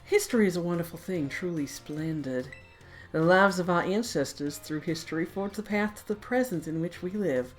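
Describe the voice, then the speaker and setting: A woman's voice: lowish voice, normal speed, soft background music, lightly acted. A woman doing Ryfort, a pompous history teacher. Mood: lecturing. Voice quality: attempted southern drawl, theatrical. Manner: grand, lecturing.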